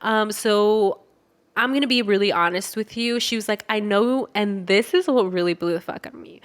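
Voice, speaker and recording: A woman's voice: medium pitch, normal speed. A young woman co-hosting a podcast, casually telling a story, acting out the quoted voices and swearing freely. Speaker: podcast co-host.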